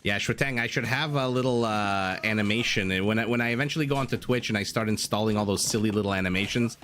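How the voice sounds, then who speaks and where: A man's voice: on the low side, quick pace, fairly bright tone, a little hiss or hum. A man commentating a strategy game live, chatty and joking with his chat between play-by-play. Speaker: game caster.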